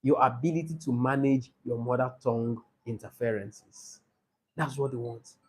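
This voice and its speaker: A man's voice: mid-range voice, moderate pace, darkish tone, breathy edge. A man with a Nigerian English accent teaching a class on pronunciation, stressing and repeating key words to drill them.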